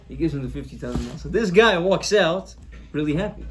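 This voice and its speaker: A male rabbi telling a story in a sermon, lively and repeating phrases. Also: on the high side, quick pace, background noise.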